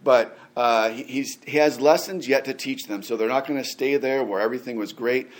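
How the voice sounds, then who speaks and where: A man's voice: mid-range voice, fairly quick. A man as a pastor, giving a conversational sermon full of chatty asides, rhetorical questions and small laughs.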